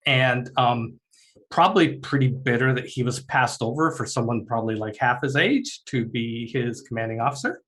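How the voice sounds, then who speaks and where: A man's voice: mid-range voice, expressive, normal speed, fairly bright tone, poor audio. A man narrating a tabletop role-playing game as game master, talking loosely with many fillers and restarts.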